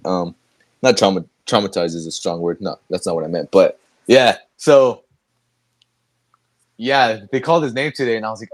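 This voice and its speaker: A man's voice: lowish voice, moderate pace, long pauses, no echo. A young man hosting a podcast, chatting casually, rambling with restarts and laughing often. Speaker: podcast host. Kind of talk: casual chat.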